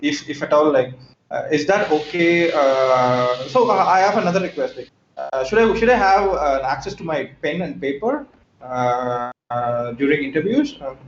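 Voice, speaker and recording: A man's voice: on the high side, animated, normal speed. A man asking for interview advice, hesitant and full of "uh"s, speaking over a video call. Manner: hesitant, many "uh"s and restarts, apologetic. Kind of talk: casual chat. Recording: echoey dull call audio with faint hiss.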